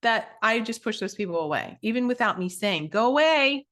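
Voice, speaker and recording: A woman hosting her own podcast as a coach, teaching in a direct, energetic way with many asides and quick restarts. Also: mid-range voice.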